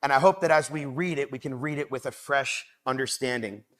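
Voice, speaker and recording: A man in his thirties giving a Bible study talk to young people, lively and rising loud when he reads scripture aloud. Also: medium pitch, fairly quick.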